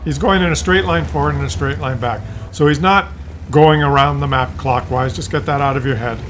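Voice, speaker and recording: A man's voice: on the high side, brisk, a bit bright, soft background music. A man giving casual gameplay commentary, rambling and joking as he drifts off topic. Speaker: gaming commentator.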